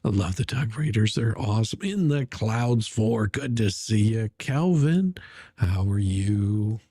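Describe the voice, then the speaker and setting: A man's voice: on the low side, lively intonation, unhurried, mellow, slightly rough, no echo. A man hosting a casual livestream, greeting viewers by name and mocking his opponents in a rambling way. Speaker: livestream host.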